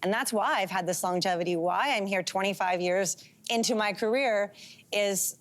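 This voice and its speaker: A woman's voice: medium pitch, normal speed. A woman in her forties from Canada, a guest on a talk show, talking candidly with frequent fillers. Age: 40s. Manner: candid, chatty, with frequent um fillers and light laughs. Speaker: guest, pro distance runner.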